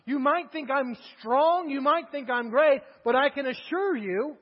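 A man's voice: very high voice, fairly quick, pitched above the performer's own voice. A male preacher voicing a frightened male servant who pleads with his master about an enemy army. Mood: incredulous. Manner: anxious, pleading. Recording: echoey hall, dull lo-fi sound, mains hum.

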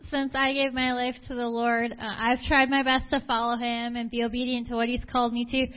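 A woman's voice: fairly high pitch, flat delivery, brisk. A woman giving a candid, confessional personal testimony during a church service. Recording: dull lo-fi sermon recording.

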